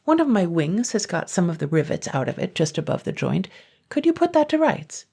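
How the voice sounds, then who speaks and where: A woman's voice: on the low side, big pitch swings, fairly quick, vocal fry, dark tone, husky, pitched above the performer's own voice, heavily acted. A woman voicing a big, bossy male dragon made of rusty iron, with a spluttering, brusque way of talking. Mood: coaxing.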